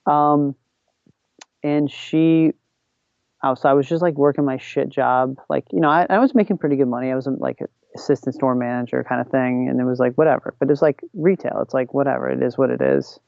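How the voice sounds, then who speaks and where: Podcast guest, male, gravelly, fast filler-heavy storyteller, dull lo-fi mic. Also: medium pitch, steady tone, darkish tone, no room sound. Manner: rambling, heavy use of "like", acts out quotes. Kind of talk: casual storytelling.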